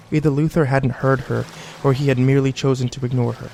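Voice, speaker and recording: A man narrating an audiobook in a measured, even storytelling manner. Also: medium pitch, creaky, faint music behind.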